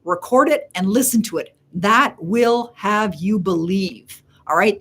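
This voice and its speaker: A middle-aged woman from Canada hosting a live Q&A, telling stories in a chatty way and slowing down to stress her advice. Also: medium pitch. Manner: chatty storyteller, acts out quoted voices; slows and stresses key points. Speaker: host answering viewer questions. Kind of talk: live Q&A coaching talk.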